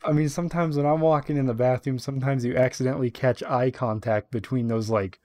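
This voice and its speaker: A woman's voice: a bass voice, fairly even intonation, fast talker, warm tone, no room sound. A woman in casual chat who reacts with short agreeing remarks.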